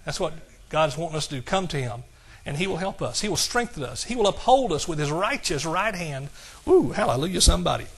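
A male pastor preaching an exuberant sermon, shouting praise and reading scripture slowly and emphatically. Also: on the high side, sing-song, breathy edge.

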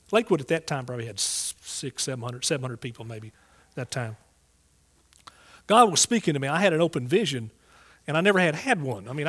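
A man's voice: mid-range voice, a bit bright. Folksy Southern preacher man. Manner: folksy, earnest storytelling with restarts. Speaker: Bible teacher. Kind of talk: sermon testimony. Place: church service before a congregation.

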